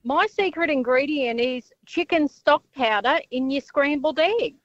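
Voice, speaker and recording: A woman's voice: high-pitched, measured pace, no room sound, dull audio. A woman with an Australian accent calling talk radio, casual and friendly. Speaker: caller. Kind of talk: talkback radio call.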